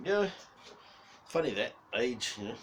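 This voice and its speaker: A man in his forties rambles through a casual, profanity-heavy vlog rant at a middle pitch. He sounds set back from the mic, with faint background noise under his voice. His talk wanders and is peppered with laughs and swearing. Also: very animated, unhurried, recorded from a distance, rough recording. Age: 40s. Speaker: YouTuber.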